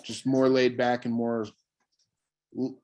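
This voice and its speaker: A man giving a casual personal testimony on a call, laid-back and halting, with many fillers. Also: medium pitch, monotone, a little mellow. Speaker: guest sharing a testimonial.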